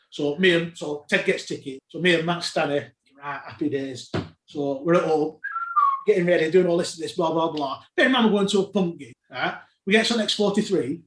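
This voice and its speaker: A man tells club stories as a podcast guest, his voice pitched fairly high for a man. He talks in a relaxed, animated way and keeps breaking into laughter. The room around him gives a noticeable echo. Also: fairly quick. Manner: animated anecdotes, laughs while telling. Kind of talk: casual storytelling. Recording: roomy echo.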